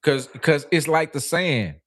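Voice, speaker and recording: A man co-hosting a casual talk show, laying out his points in a measured, reasoning way. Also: on the high side. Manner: measured, reasoning, lively intonation. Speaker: podcast co-host. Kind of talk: casual discussion.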